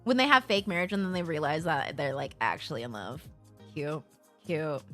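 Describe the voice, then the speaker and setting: A woman live streamer chatting casually with her viewers, blunt and animated and swearing freely, into a streaming microphone. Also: sits low, normal speed, faint music behind.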